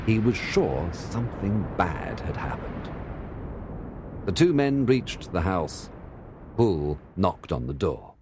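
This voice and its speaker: A man narrating a story for English learners in a clear, measured reading style. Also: low voice, sing-song, noisy background.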